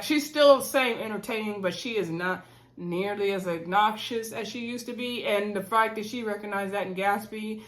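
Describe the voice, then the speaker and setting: A woman recapping a reality TV episode in an easygoing, gossipy way. She laughs often and talks to her audience as y'all, with a voice pitched in the middle for a woman. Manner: chatty, addresses viewers as y'all, laughs often. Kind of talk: casual episode review chat. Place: at home on her bed.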